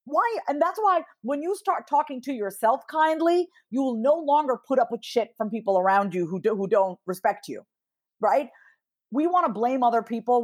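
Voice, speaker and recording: A woman in her thirties, a therapist and podcast guest, telling stories in casual interview chat and acting out quoted lines with lively swings. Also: on the high side. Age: 30s. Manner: animated storyteller who acts out quoted dialogue, swears casually.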